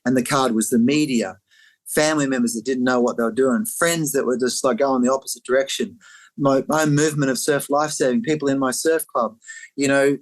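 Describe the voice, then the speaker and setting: A middle-aged man, a guest in an interview, telling a personal story in an animated way, acting out quoted voices and using lots of filler words. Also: mid-range voice, brisk, low-quality recording.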